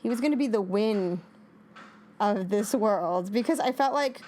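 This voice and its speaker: A woman's voice: medium pitch, expressive, unhurried, dark tone, a little hiss or hum. A woman co-hosting a casual TV recap, rambling with many restarts and frequent laughs. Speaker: co-host.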